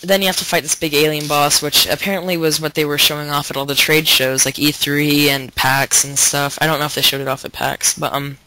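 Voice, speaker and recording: Bright-voiced young man chatting loosely. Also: fairly high pitch, level tone, brisk, few pauses, rough recording. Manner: rambling, loose storytelling with many fillers. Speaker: podcast host. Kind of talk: casual chat.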